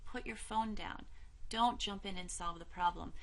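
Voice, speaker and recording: A woman instructor calmly explaining a listening lesson in a measured, encouraging way. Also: medium pitch, low-quality recording. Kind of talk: explaining a role-play lesson to camera.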